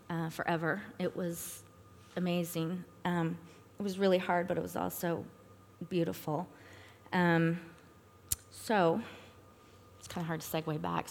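A middle-aged woman giving a personal testimony at a church talk, earnest and halting, with frequent fillers. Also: lowish voice. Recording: long reverb in a hall.

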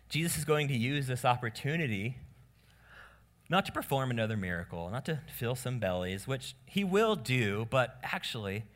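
A male pastor preaching to his congregation in a bright, forceful voice. He shifts quickly between earnest appeals and playful asides, acting out characters with lively energy. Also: lowish voice. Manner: animated preaching, acts out disciples in voices. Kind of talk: sermon. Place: church room with congregation.

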